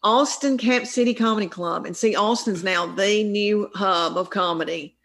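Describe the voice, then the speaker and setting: A woman's voice: medium pitch, moderate pace, a bit bright. Chatty Southern woman telling stories. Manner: chatty, rambling, folksy, self-interrupting. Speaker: comedian guest. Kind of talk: casual interview storytelling.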